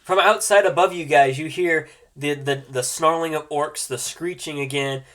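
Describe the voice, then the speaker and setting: A man's voice: a little high, steady tone, moderate pace, a bit bright. Man running a tabletop game. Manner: frequent ums and restarts while describing scenes. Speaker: game master.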